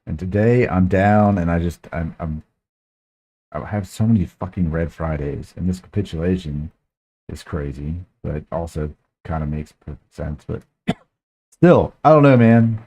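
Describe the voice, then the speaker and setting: Low, dark-voiced man ranting. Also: muffled recording. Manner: frustrated, profane ranting. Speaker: podcast host. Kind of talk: casual chat.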